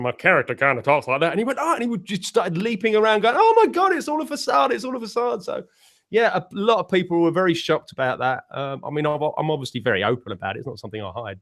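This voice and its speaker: English man, slightly high voice, casual panel chat, rambling anecdotes, lots of restarts. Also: fairly bright tone. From United Kingdom. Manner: rambling storytelling with many restarts. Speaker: panel guest, musician.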